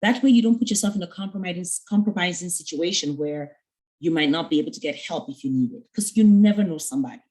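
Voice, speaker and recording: Earnest woman mentor, lowish voice. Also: animated, fast talker, dark tone, rough recording. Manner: earnest, storytelling with quoted dialogue; conversational with fillers. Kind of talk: mentoring talk to young women.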